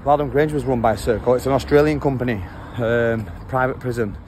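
A man's voice: mid-range voice, steady tone, brisk, darkish tone. A man chatting bluntly in slang as he walks along a road, filming on a handheld phone. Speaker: vlogger. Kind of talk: casual walking vlog. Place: outdoors walking along a road. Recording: outdoor traffic noise.

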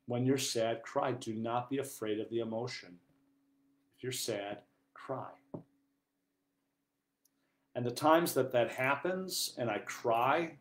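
A priest giving an earnest sermon, moving between quiet, hushed passages and loud, emphatic ones. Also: male voice, medium pitch. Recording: echoey room.

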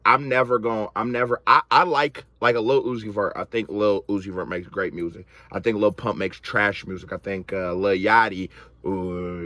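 A man's voice: low voice, a bit bright, no echo. Slangy man hosting a reaction video. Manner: loose, slangy, rambling with restarts. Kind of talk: casual reaction commentary.

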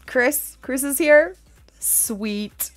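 A woman's voice: a little high, lively intonation, slow, fairly bright tone, faint music behind. A woman in her thirties streaming a game live, chatting with viewers, laughing often and crying out while she plays.

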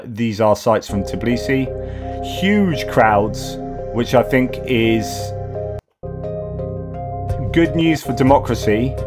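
A man with an English accent hosting a news update, reading from reports and commenting off the cuff, stumbling over names and filling gaps with "uh". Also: medium pitch. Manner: hesitant, with frequent fillers and restarts over names. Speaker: host of a daily news update show.

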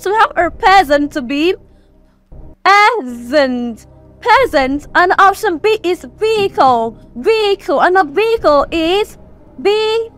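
A woman's voice: very high-pitched, a bit bright. A woman with a Nigerian accent teaching an English exam prep lesson, saying each word several times as a drill.

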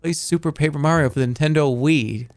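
A man streaming a game, chatting casually and joking as he reacts out loud to what happens. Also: fairly high pitch, brisk, soft background music. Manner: playful, jokey, reacts out loud, swears. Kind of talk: casual live-stream gameplay commentary.

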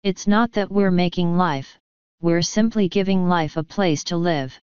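A woman voicing a calm, earnest young male watch captain who speaks firmly and politely. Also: on the low side, measured pace, clear, resonant tone, dry recording, dull audio, close to an everyday voice.

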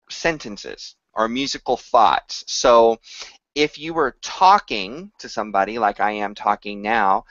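A man teaching audition technique, explaining slowly and breaking into short sung examples. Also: medium pitch, fairly bright tone, dry recording, lo-fi sound. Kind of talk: instructional talk to camera.

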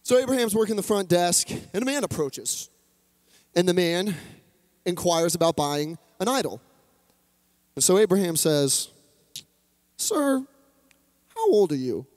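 A man's voice: high voice, normal speed, pauses often, darkish tone. A man preaching a sermon, retelling an old story in a chatty, humorous way with playful asides. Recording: long hall reverb.

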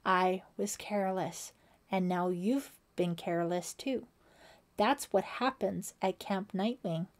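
A woman voicing a teenage boy camp counselor who talks in a slow, remote, menacing way in a storybook reading. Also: mid-range voice, natural voice. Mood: strange remote. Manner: slow, remote, strange-sounding.

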